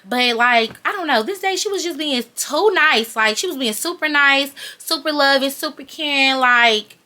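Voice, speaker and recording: A woman's voice: high-pitched, lively intonation, normal speed, bright, forceful tone. A young adult woman telling a personal story in a casual, chatty way, talking straight to her viewers. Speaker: vlogger.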